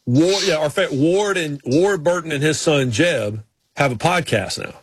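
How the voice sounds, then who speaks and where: Husky-voiced man on a sports talk show. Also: fairly high pitch, no room sound. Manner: rambling, with quick restarts and folksy impressions. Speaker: radio sports show co-host. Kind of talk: casual storytelling chat.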